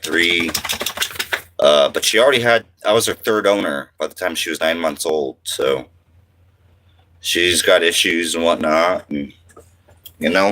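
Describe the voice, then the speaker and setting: A man in his thirties from French Canada hosts a livestream, chatting casually, rambling, and reading viewer comments aloud. He has a deep voice, and the background is noisy.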